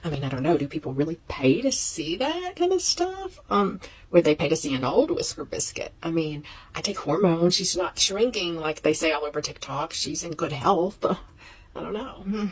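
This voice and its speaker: A woman's voice: deep voice, lively intonation, normal speed, hardly any pauses, breathy edge, poor audio. A woman in her fifties talks candidly and at a ramble in a casual vlog about being out of work, with nervous laughs. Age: 50s. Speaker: jobless parent.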